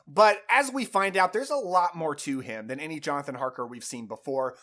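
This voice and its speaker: A man giving a casual, enthusiastic film review, chatty and excited about what he describes. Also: fairly high pitch, brisk.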